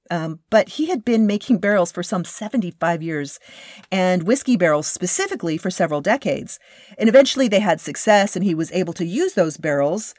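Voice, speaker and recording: A woman's voice: mid-range voice, no echo, studio quality. A woman host telling a story in a casual, enthusiastic way, often restarting and searching for words. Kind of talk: casual narration about a craft distiller.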